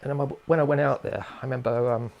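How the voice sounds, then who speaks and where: A man's voice: mid-range voice, steady tone, quick pace, vocal fry, lo-fi sound. An older man from England, a guest in a casual interview, who rambles and hesitates with many fillers and restarts.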